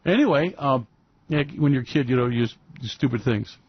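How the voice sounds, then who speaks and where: A man hosts a rambling, sarcastic radio commentary monologue, full of fillers and restarts. His medium-pitched voice is animated, husky and a little fast, with no room sound in a dull, lo-fi, dry recording.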